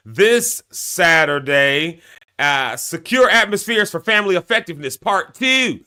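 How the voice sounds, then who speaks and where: His voice sits high, clear and resonant, and he takes his time. The man, in his thirties, runs a live-stream show where he chats loosely with the audience, laughing frequently and speaking right to them.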